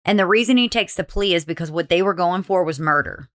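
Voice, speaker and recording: Here a true crime podcast host keeps things casual, cursing openly and performing the words of the people she discusses. She speaks quickly in a fairly low, fairly bright voice.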